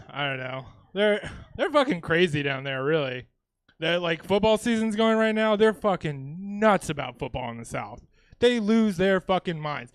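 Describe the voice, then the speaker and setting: A man's voice: high voice, fairly bright tone, clean tone, no echo. A man from Louisiana doing a stand-up comedy set on a comedy theater stage, talking casually with swearing and chuckling asides.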